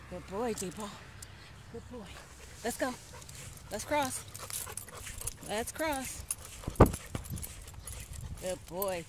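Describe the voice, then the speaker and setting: A woman's voice: fairly high pitch, heavy background noise. A woman chatting casually to her viewers while walking her dog outdoors, slipping into baby talk. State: sweaty, a bit out of breath. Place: outdoors on a neighborhood walk.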